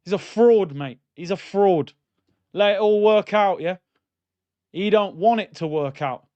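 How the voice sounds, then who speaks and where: Male watchalong host, fired-up match banter, a bit high, slightly muffled dry mic. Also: a little slow, dry recording. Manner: excitable, banter-heavy, shouts at goals. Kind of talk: live match watchalong commentary.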